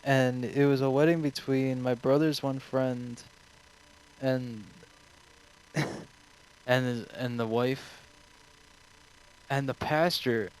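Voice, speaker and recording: A man's voice: medium pitch, steady tone, slow, pauses often, smooth, poor audio. A young man streaming, answering viewer questions in a rambling, offhand way full of swearing. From United States.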